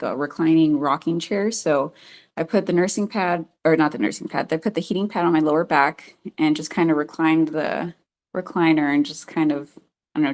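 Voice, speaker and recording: Low-pitched woman rambling through a story, lots of likes and ums, laughs a lot. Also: darkish tone. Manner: chatty, full of "like" and "um" fillers; laughs often while telling her story. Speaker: podcast guest. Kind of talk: casual storytelling.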